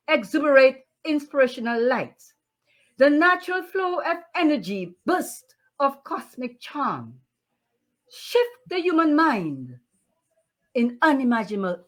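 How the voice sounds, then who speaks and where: Slow, animated woman poet. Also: high-pitched. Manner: slow, lively, declamatory reading with repeated refrains. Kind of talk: casual interview and poetry recitation.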